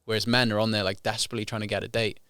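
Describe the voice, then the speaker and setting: A man's voice: fairly low pitch, level tone, racing, bright, forceful tone, clear, resonant tone, no room sound, studio quality. A British man who is a guest on a podcast, talking frankly and animatedly, acting out other people's lines. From Britain. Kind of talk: casual podcast chat.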